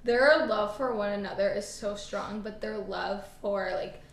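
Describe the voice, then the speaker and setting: A woman co-hosting a casual book podcast, effusive and quick to exclaim, swearing now and then. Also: mid-range voice, gravelly. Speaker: podcast co-host. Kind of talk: casual chat. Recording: echoey room.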